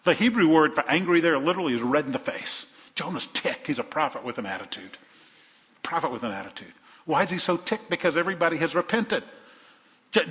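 Male pastor, slightly higher voice, preaching and questioning the room, loud then hushed; dull lo-fi capture with long hall reverb. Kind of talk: sermon. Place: church sanctuary.

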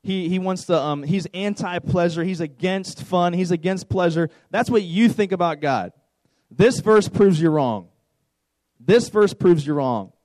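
A man in his thirties gives a youth sermon in a conversational, joking way, often doubling his words as he talks. His voice sits a little high for a man, and the sound is close and dry, with no room echo. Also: unhurried, a little mellow. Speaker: youth pastor.

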